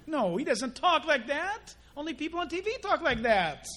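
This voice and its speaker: A male pastor preaching a sermon in an animated way, acting out mock dialogues. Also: very high voice, fast, hardly any pauses.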